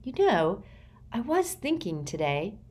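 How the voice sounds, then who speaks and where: A woman's voice: very animated, slow, darkish tone. Hermione, a woman playing an earnest clever teen girl. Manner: earnest, eager, somewhat higher.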